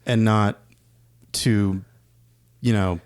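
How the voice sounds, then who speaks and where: A man co-hosting a podcast, talking films in a relaxed, conversational way. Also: lowish voice, extremely slow, clean tone. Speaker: podcast co-host. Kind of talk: casual film discussion.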